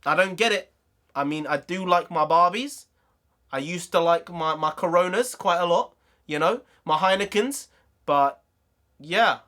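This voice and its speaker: A man with a southern English accent, from the London area, hosting a casual reaction video with jokey, excitable commentary and frequent laughter. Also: sits high, measured pace. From London area, England. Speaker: YouTube host.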